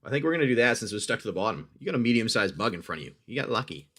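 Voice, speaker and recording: A man's voice: fairly low pitch, big pitch swings, very fast, slightly rough. A man hosting a livestream, narrating a dice-rolled adventure game for a player he calls his friend and reacting to each roll. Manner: chatty, addresses the player as "my friend"; talks through dice rolls, reacts loudly to hits.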